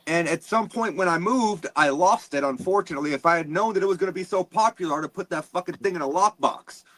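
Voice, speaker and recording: A man guesting on a podcast in casual chat, explaining things in an earnest, measured way. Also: sits high, fairly bright tone, no echo, low-quality recording. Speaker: guest paranormal investigator.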